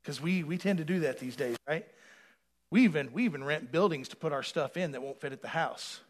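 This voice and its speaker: A pastor preaching a sermon, swinging from quiet asides to loud rising appeals and calling for responses from the congregation. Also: male voice, on the high side, brisk.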